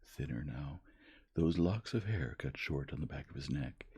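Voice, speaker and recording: A man reading a novel aloud in a slow, soft, breathy ASMR whisper. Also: extremely low pitch, lively intonation. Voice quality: breathy, gravelly. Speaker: reader.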